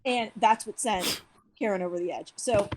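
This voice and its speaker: A woman in her forties telling a story as a podcast guest, animated, acting out the people she quotes with jumps in pitch. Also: moderate pace, a little hiss or hum, rough recording. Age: 40s. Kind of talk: casual storytelling interview.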